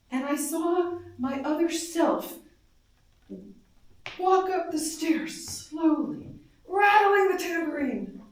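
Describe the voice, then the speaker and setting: A woman giving an intense, emotional live reading of first-person dream monologues, moving between hushed and loud. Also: high voice. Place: darkened live performance space. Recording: very echoey hall, voice from far off.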